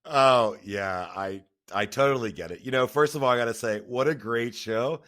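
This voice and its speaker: A man's voice: medium pitch, moderate pace, a bit bright. A man co-hosting a podcast, chatting casually in a reflective way and chuckling often. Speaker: podcast co-host. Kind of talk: casual chat.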